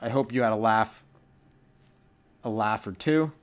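A man's voice: on the low side, measured pace. A young adult man, a stand-up comedian hosting his own podcast, rambling through a solo comedic rant and slipping into goofy voices for his bits.

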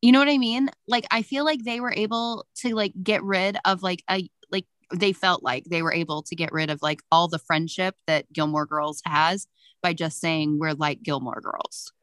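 A woman co-hosting a podcast in casual chat, animated and laughing, with lots of fillers. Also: lowish voice, moderate pace, no echo, studio quality. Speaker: podcast co-host.

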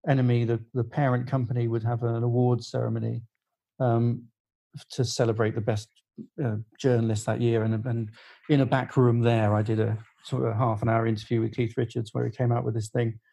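A man's voice: medium pitch, little pitch movement, a little fast, creaky, warm tone, poor audio. A middle-aged man, a music journalist, telling a long anecdote in casual podcast chat, full of fillers and restarts. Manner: rambling storyteller with many fillers and restarts.

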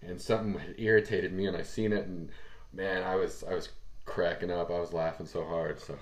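A man hosting a casual podcast interview, friendly and quick to laugh. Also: low-pitched, level tone. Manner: laughs often, friendly, calls guest "man". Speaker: podcast host.

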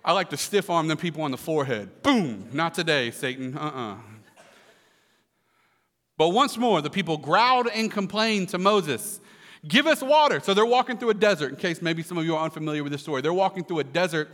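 A man with a slightly higher voice preaches a live sermon, easygoing and joking, often turning to the congregation with quick questions. His voice rings out into a church sanctuary with a long trailing reverb. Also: expressive, a bit bright. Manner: conversational preaching with humor and asides to the congregation. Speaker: pastor.

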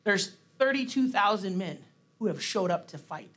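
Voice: medium pitch, expressive, moderate pace, fairly bright tone. A preacher giving a casual, conversational sermon, talking chattily with many fillers and restarts. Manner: chatty, laughs often, acts out quotes.

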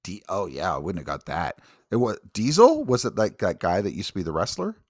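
A man's voice: sits low, huge pitch swings, fairly quick, a little mellow, dry recording, studio quality. A man co-hosting a podcast in casual chat, easygoing and hesitant, with fillers. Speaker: podcast co-host.

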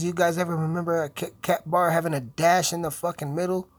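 A man's voice: a little high, fairly quick, dry recording. Stoned, foul-mouthed young man rambling. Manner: profane, joking, rambling. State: high. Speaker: video host. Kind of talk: casual rambling commentary.

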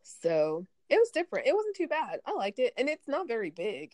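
A woman's voice: a little high, wildly swooping pitch, normal speed, hardly any pauses, darkish tone, no echo. A woman in casual conversation, rambling and chatty and laughing often. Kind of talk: casual chat.

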